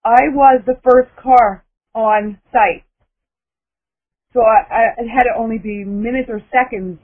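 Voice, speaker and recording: A woman's voice: fairly high pitch, fairly even intonation, a little slow. A woman caller telling a dramatic personal story, emphatic and breathless in the telling. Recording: tinny phone line.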